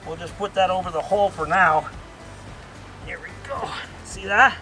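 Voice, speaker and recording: A man hosting a casual outdoor vlog, with a joking, folksy, excitable way of talking. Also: high-pitched, normal speed, recorded from a distance, soft background music. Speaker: RV vlog host. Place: outdoors by a vehicle.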